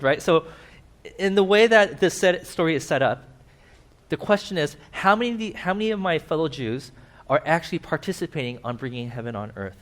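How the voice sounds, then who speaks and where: Animated man preaching a sermon. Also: fairly quick. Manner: animated, acts out quoted characters with sudden pitch jumps. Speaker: pastor. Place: church.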